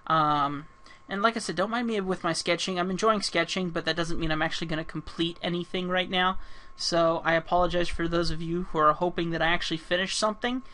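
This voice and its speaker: A man's voice: a little high, fairly even intonation, brisk, bright, forceful tone. A man answering fan questions while he draws, rambling with many ums and restarts, and losing his voice. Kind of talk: casual talk while drawing.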